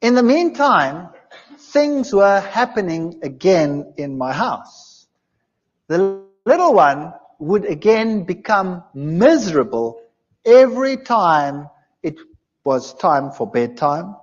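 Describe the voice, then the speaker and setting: Animated man telling his testimony. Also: high voice, slow pace. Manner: animated storytelling, acting out quoted dialogue. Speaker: speaker giving a testimony. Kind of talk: personal testimony talk. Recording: dull lo-fi sound in a reverberant hall.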